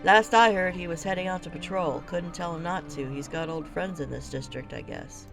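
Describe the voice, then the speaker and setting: A woman's voice: lowish voice, moderate pace, gravelly, over music. A woman reading the part of a weary, blunt male gate captain in a fantasy video game, speaking in a curt and dismissive way. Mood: gruff.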